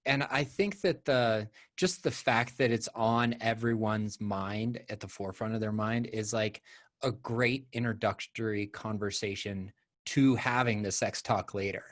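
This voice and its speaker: A man's voice: lowish voice, unhurried, fairly bright tone. A man hosting a podcast, talking candidly and rambling, with casual swearing. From United States. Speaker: podcast host.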